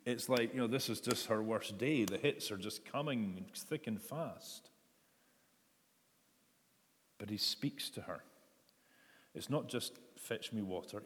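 A pastor preaching in a low voice. He talks in a searching, conversational way, with frequent restarts. His words trail off into a long church reverb. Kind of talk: sermon.

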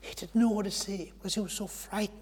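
Male preacher, slightly high voice, earnest sermon delivery, long hall reverb. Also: steady tone, fast talker, breathy edge. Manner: earnest, swells loud then drops to a hush.

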